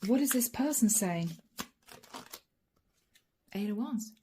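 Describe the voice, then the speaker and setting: A woman's voice: fairly high pitch, animated, slow, mellow, a little hiss or hum. A woman giving a channeled tarot reading, talking straight to the viewer in a musing, reassuring way. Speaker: tarot card reader.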